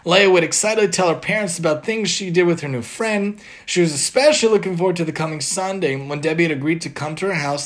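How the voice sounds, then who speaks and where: A man earnestly giving a religious moral lesson and reading a story aloud. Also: on the high side. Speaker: religious teacher.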